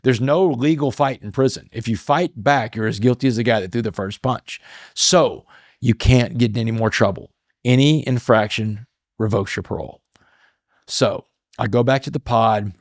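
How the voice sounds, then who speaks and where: A man's voice: mid-range voice, moderate pace, dry recording, clean studio sound. A middle-aged man telling a personal story as an interview guest, earnest and emotional, often repeating his words.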